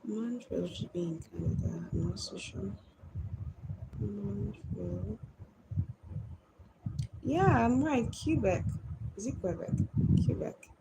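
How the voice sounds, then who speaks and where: A woman's voice: mid-range voice, slow, creaky, long pauses, background noise. A middle-aged woman from Nigeria, chatting casually on a late-night phone live stream and greeting viewers by name. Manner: chatty, answers viewers by name, sleepy and yawning. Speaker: livestream host. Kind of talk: casual live stream chat, reading comments.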